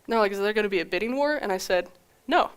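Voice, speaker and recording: Animated woman telling a startup story. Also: medium pitch, very fast, clean tone. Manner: animated, acts out quoted dialogue with laughs. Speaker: conference speaker. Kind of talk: conference talk, anecdotal storytelling.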